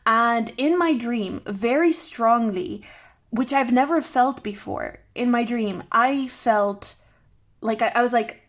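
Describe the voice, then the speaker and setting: A woman's voice: on the high side, slow pace. A woman tarot reader thinking aloud to camera, musing and restarting her sentences as ideas come to her. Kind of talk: intuitive tarot reflection to camera.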